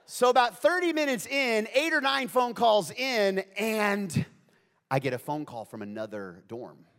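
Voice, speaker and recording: Middle-aged man preaching with comic stories, animated and playful, slightly high voice, long hall echo. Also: unhurried, gravelly. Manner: animated, playful, full of asides. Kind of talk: humorous storytelling sermon.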